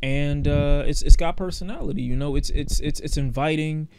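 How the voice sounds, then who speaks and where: A man's voice: a little high, normal speed, gravelly, darkish tone, slight background noise. Chatty man reacting to an album. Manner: chatty, rambling, repeats words, sings along. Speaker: music reviewer. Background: album music playing.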